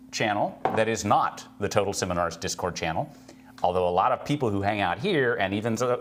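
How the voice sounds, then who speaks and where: A man's voice: medium pitch, slight background noise. A man co-hosting a live tech stream, greeting viewers by name and reading their chat questions aloud.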